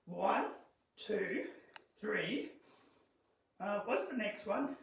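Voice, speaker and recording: A woman's voice: mid-range voice, lively intonation, drawn-out words, vocal fry, recorded from a distance, heavily acted. A woman voicing a shy, playful young moose puppet who teases with wrong answers, in an echoey garage. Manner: timid and cheeky, teasing with wrong answers. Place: home garage.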